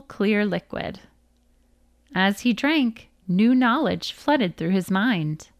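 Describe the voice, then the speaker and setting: A woman reads a children's book aloud at an unhurried pace, careful over each word. She stops to spell out unfamiliar names. The sound is close and dry, with no room echo. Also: medium pitch. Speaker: storyteller.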